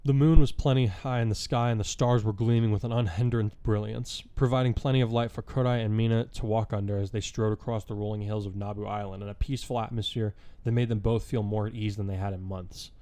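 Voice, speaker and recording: Man reading fan fiction, quick pace, mellow dark tone, dry close sound. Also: lowish voice, fairly even intonation. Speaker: narrator.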